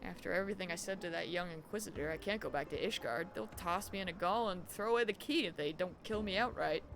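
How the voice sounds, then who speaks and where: A woman's voice: lowish voice, quick pace, a bit bright, a little hiss or hum. A woman doing a grim exiled man.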